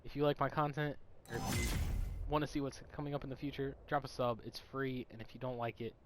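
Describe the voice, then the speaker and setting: A young man telling a story from his childhood in a casual, animated, profane way, in a noisy recording. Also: mid-range voice, fast talker. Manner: animated, profane, laughing at himself. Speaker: storytime vlogger.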